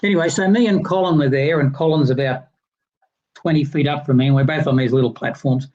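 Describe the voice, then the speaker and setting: A man's voice: a little high, a little fast. Rambling man on a muffled call. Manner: rambling, animated anecdote teller with many restarts. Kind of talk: casual storytelling on a livestream chat.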